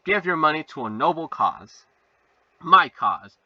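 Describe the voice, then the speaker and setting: A young man giving a sarcastic comedic review, animated, jumping into silly voices. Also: fairly high pitch, measured pace, dry recording, recorded from a distance. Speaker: video reviewer. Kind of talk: comedic fake review monologue. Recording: muffled voice, a bit off-mic.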